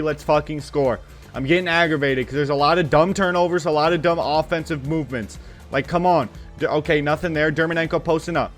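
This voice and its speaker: A man who hosts a gaming channel narrates his basketball video game in a fairly high pitch. His play-by-play is casual and full of slang and swearing, and he's easily excited, easily annoyed, and keeps talking directly to the players on screen.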